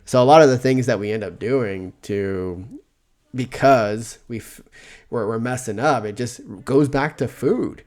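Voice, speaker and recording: A man's voice: medium pitch, a little slow, darkish tone. A man co-hosting a casual podcast chat, rambling and stammering a lot, often mocking himself. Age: adult, older than before. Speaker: podcast co-host.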